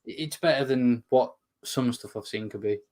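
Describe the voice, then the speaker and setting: A man's voice: medium pitch, normal speed, darkish tone. Male co-host, ordinary mid voice, hesitant and wordy, casual chat. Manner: hesitant, searching for words. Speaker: podcast co-host.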